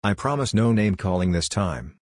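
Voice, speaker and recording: A man's voice: sits low, lively intonation, moderate pace, dry recording, studio quality. A man doing curt condescending guy. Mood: teasing. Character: blunt, condescending man, weary.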